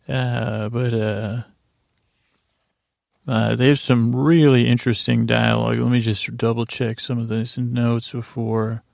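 A man's voice: medium pitch, level tone, measured pace, vocal fry, a little mellow, no echo, clean studio sound. A man hosting a podcast, casually recapping a TV episode in a rambling, conversational way. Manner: rambling, conversational, often restarting and retelling scenes. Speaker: podcast host.

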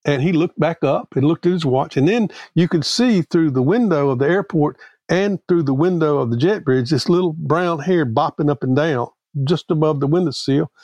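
A middle-aged man from Mississippi, a guest theologian telling a personal story in a podcast interview, earnest and halting with frequent restarts. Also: on the high side, darkish tone, dry recording, lo-fi sound.

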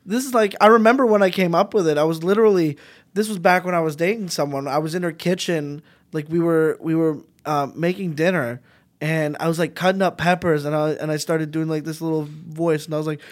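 A comedian from Montreal chatting as a podcast guest, telling animated, rambling stories with lots of restarts. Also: male voice, on the high side, fairly quick. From Montreal, Canada. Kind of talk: casual podcast chat.

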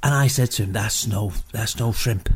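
Pitched below his own voice but close to how he'd normally talk, a man performs a swearing, boastful fake psychic in improvised comedy, crude and brash with a mock-mystical manner. The lowish voice moves at a moderate pace over slight background noise.

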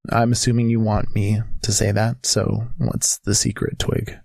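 Deep, gravelly woman podcast host. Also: little pitch movement, unhurried, darkish tone, no echo. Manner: dry, exasperated and reluctant. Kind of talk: comedic podcast sketch.

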